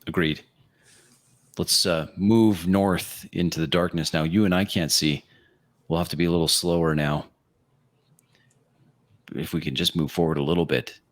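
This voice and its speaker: A man playing a character in a tabletop game, calm and in character. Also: deep voice, normal speed, long pauses. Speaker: player.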